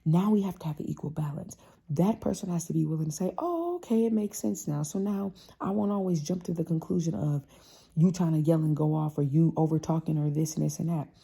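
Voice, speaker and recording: Low husky woman, passionate talk. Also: fast talker. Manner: animated, passionate, acts out family voices. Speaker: host. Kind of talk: casual motivational talk.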